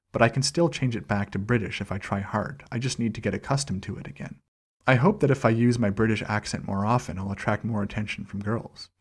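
A man reading a personal journal aloud in a steady, measured first-person delivery, with dates read out slowly. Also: fairly low pitch, slightly rough. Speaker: channel host reading a document aloud.

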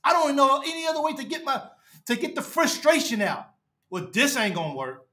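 A man hosting a fan podcast, ranting on a live stream in a distraught, halting way, repeating himself and trailing off low. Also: sing-song, pushed and bright. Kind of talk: emotional live-stream rant. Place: his apartment.

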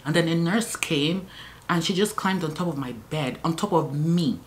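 A woman's voice: deep voice, moderate pace, slight background noise. A woman vlogger and new mother telling her story in a chatty way, with many fillers and restarts. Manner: chatty, many fillers and restarts, animated when reliving moments. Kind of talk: casual vlog storytelling.

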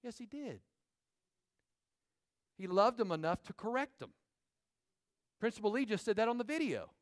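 High-voiced preaching man. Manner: animated preaching, quick asides to the congregation. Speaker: pastor. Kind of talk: sermon. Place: church sanctuary.

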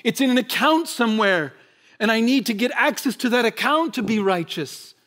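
A man giving a sermon as pastor, moving from loud, driving emphasis to quiet, hushed asides. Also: very high voice. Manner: impassioned preaching, swinging between loud emphasis and quiet asides. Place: church sanctuary.

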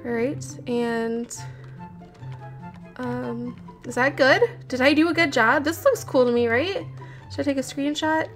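With a high, fairly bright voice, a woman gamer commentates on her in-game building at a measured pace, pausing often. She's chatty, nervous, and giggly toward her viewers, and game audio with background music runs underneath.

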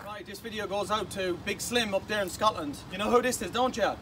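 Angry high-voiced Manchester man ranting. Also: brisk. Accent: Manchester English. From England. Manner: aggressive, taunting, shouting insults. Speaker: video ranter. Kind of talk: angry rant to camera. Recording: voice from a distance with faint noise.

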